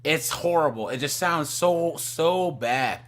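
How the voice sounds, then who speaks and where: Stream host, man, slightly high bright voice, blunt opinions, trips over words. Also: lively intonation, slow, slight background noise. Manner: opinionated, stumbling restarts. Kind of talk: casual live stream chat.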